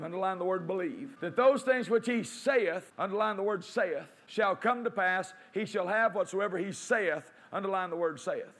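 High-voiced man preaching a sermon. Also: fairly bright tone. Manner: preaching with rising emphasis, quoting scripture; asks and answers his own questions.

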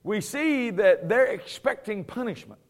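High-voiced man preaching with chuckles. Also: lively intonation, a little slow. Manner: chuckles often, playful sarcasm, emphatic. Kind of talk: conversational Bible teaching.

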